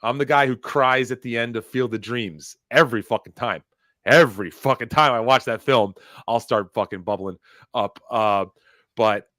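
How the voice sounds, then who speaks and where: Hosting a laid-back conversation, this man swears liberally and wanders emotionally from point to point, stumbling through fillers and restarts. His voice is mid-range, bright, and forceful at a moderate pace, captured dry in studio quality.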